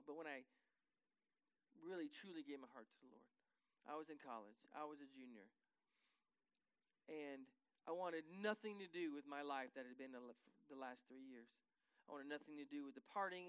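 Middle-aged male pastor, high crisp voice, dry close sound, casual storytelling sermon, self-mocking, big loud-soft swings. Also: no echo, poor audio. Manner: conversational and self-deprecating, shifting loud to quiet. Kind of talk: sermon with personal stories.

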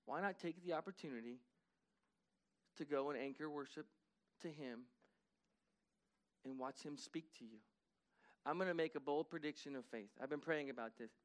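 High-voiced preaching man. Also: normal speed, long pauses. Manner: earnest, conversational preaching with rising intensity. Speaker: pastor. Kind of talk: sermon. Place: church sanctuary.

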